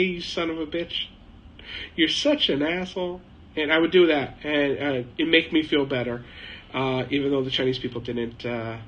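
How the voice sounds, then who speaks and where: A man's voice: fairly high pitch, bright, forceful tone, rough recording. A middle-aged man hosting a live chat, telling a casual, rambling story with lots of uh and um fillers. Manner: rambling, anecdotal, frequent uh and um fillers. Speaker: host of a live chat stream. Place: home shed, living in China.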